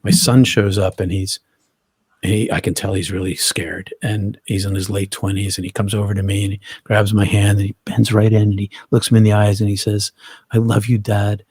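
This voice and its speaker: Husky middle-aged man telling his story. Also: lowish voice, little pitch movement, moderate pace, darkish tone, no echo, clean studio sound. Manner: earnest, vivid retelling with frequent restarts. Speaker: guest. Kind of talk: personal storytelling in an interview.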